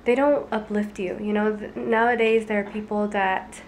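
A woman's voice: mid-range voice, steady tone, normal speed, slight background noise. A young woman chatting casually at home in a vlog, easygoing and chatty, talking to her babies now and then. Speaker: mother vlogger.

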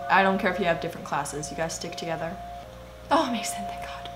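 A young woman hosting a reaction video, chattering excitedly and gasping at what she watches. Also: fairly low pitch, quick pace, music in the background. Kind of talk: casual reaction commentary.

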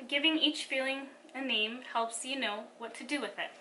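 A woman voicing a calm father who gently reassures his son. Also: sits high, moderate pace, distant mic, background noise, lightly acted. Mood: reassuring.

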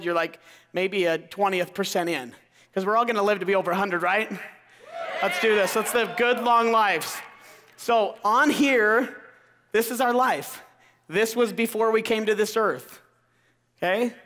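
A man's voice: high-pitched, a bit bright. A middle-aged man from Idaho giving an enthusiastic motivational talk, calling out questions to the audience in a large auditorium. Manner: enthusiastic, crowd-engaging, calls out questions to the audience. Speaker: motivational speaker. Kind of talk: energetic keynote talk. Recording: long hall reverb.

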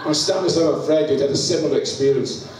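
Speaking fast in a voice on the high side, a man from Scotland delivers humorous sermon storytelling, full of laughter and acted-out sounds. He's in a church hall, recorded with a distant mic amid echo and background noise.

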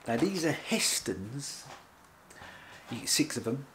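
A man hosts a casual food-review video from his home kitchen, with a voice sitting in an ordinary middle pitch. He rambles along in a chatty, playful way, with faint room ambience behind him. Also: very animated, takes it slowly, fairly bright tone, slight background noise. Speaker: food reviewer, channel host. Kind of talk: casual vlog chat.

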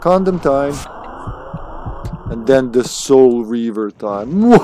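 A man's voice: mid-range voice, lively intonation, extremely slow, faint music behind, low-quality recording. A man casually commenting while he plays a video game live, thinking aloud and greeting his viewers.

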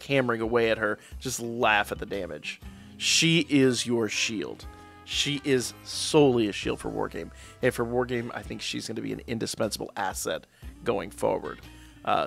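His mid-range voice comes across gravelly and a little bright as he casually assesses mobile game units. The YouTuber chats, recites stats, and revises what he says mid-stream.

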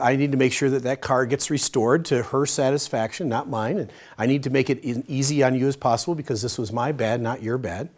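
A man teaching a Bible study session in a conversational, demonstrative way, acting out short everyday dialogues in a softer voice. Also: mid-range voice. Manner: demonstrative, uses a pen as a prop.

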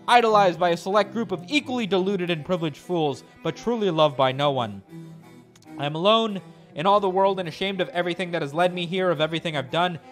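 A man's voice: high-pitched, close to an everyday voice. A man voicing a gloomy, self-pitying male musician, reading game dialogue aloud in a melodramatic way. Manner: melodramatic confession read aloud.

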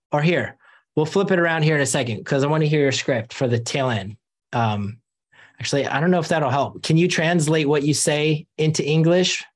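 A man training insurance sales agents in a casual coaching talk, repeating key points. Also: on the high side.

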